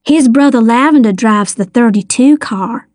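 A woman's voice: on the high side, moderate pace, no echo, clean studio sound, lightly acted. A woman doing a brash, blunt preteen girl. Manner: loud, blurting, cheeky.

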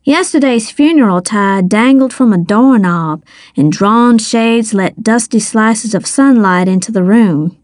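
Female audiobook narrator, unhurried and even, slightly high voice. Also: no room sound, studio quality. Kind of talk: scripted first-person narration.

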